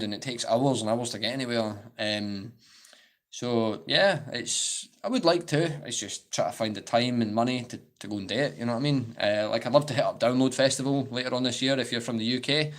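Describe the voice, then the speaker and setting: A Scottish man in his twenties chatting casually on a live-stream Q&A, rambling and saying "like" a lot. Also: medium pitch.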